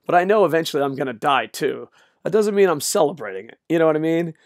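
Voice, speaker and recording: A man's voice: fairly high pitch, animated, quick pace, dry recording, studio quality. An older man ranting, exasperated and sarcastic, with frequent profanity, in a solo video. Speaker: wrestling commentator.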